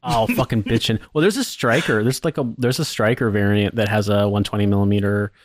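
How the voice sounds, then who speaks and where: Low-voiced man co-host, loose rambling talk, dry close sound. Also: a little fast, dry recording. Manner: rambling, profane, many fillers. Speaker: podcast co-host. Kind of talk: casual chat.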